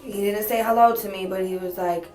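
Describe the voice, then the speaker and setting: A woman answering a detective's questions as a witness, in flat, short answers. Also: medium pitch, brisk, faint music behind. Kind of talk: police interview answers. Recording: distant echoey interview tape.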